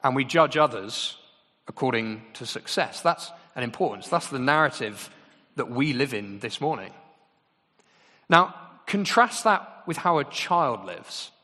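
Conversational preacher with a bright, forceful voice, ringing through a reverberant church hall. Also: male voice, medium pitch, lively intonation, a little slow. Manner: conversational, asks the congregation questions. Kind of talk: sermon.

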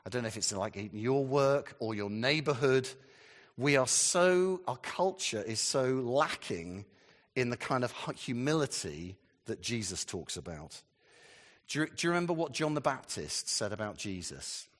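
A man's voice: medium pitch, sing-song, normal speed, fairly bright tone. A man preaching a sermon in a conversational, rambling way, full of asides and questions to the congregation. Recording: long reverb of a hall.

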